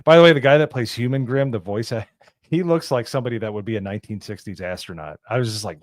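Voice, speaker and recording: A man's voice: mid-range voice, fast, dry recording, clean studio sound. A man co-hosting a casual movie review chat, talking in an enthusiastic, gushing way with lots of "like". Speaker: co-host of a movie review show.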